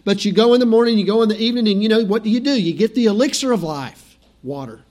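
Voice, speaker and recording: A man's voice: high voice, animated, fast, darkish tone. A middle-aged male pastor preaching a sermon in a conversational, storytelling way, acting out the lines of biblical figures.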